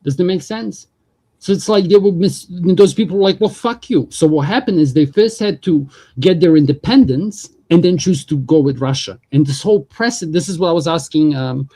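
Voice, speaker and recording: A man's voice: a little high, brisk, dark tone. A man hosting a livestream, talking politics in a casual, profane, rambling way.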